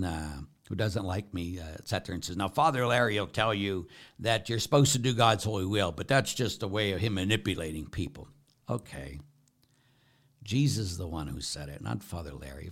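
A middle-aged man, a Catholic priest, preaching a casual, animated sermon and acting out little dialogues. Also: on the low side. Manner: animated, acts out dialogue in voices.

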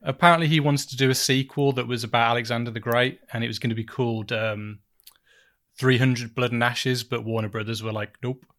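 As a podcast host, a man talks casually about films, rambling, poking fun at himself and laughing between thoughts. His voice is medium in pitch, steady, brisk and a bit bright.

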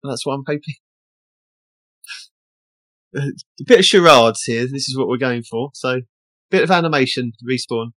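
A chatty host reads out game tasks with a playful lilt. The voice sits in a middle pitch and sounds close and dry, with no room around it. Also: measured pace, pauses often, a bit bright, no echo. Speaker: podcast host reading out tasks. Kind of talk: casual chat.

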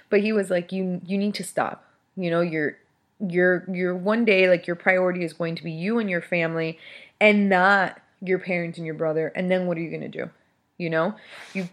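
A woman in her thirties hosting a casual solo podcast, venting in a heated way with many fillers and restarts. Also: fairly low pitch. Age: 30s. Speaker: podcast host.

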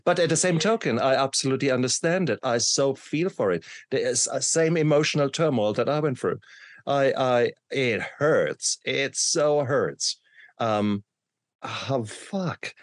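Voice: mid-range voice, moderate pace, no echo, studio quality. A host reacting bluntly, swearing freely and sharing their own feelings.

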